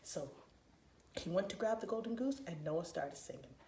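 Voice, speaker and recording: A woman telling a story to preschoolers in an expressive, playful, sing-song way. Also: fairly low pitch, moderate pace, slight background noise. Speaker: children's storyteller. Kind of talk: animated preschool story time. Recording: roomy echoey room, faint ambience.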